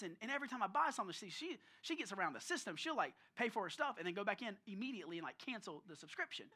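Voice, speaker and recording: Man, pastor, bright clear voice, animated conversational sermon, speaks to the congregation. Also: high voice, rapid-fire, few pauses. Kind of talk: storytelling sermon. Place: church service.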